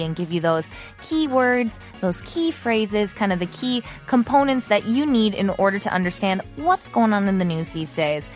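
Chatty woman hosting a language lesson. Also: on the high side. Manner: chatty, upbeat, explains with filler words. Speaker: Korean language teacher and show host. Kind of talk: casual spoken lesson.

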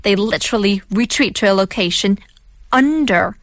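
A woman co-hosting a casual chat about English idioms, talking in an animated, friendly way with lots of fillers. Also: fairly high pitch, normal speed, no room sound, clean studio sound. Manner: chatty, animated, fillers like "you know". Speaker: co-host.

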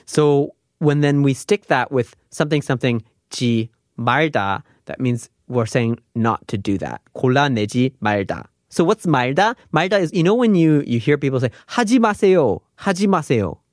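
A man explains Korean grammar in a quick, easygoing way, laughing often as he goes. He speaks in a middle pitch, with no room sound around his voice. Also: no echo, clean studio sound. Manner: chatty, laughs often, mixes Korean phrases into English. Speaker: Korean language teacher. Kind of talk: casual explanatory lesson.

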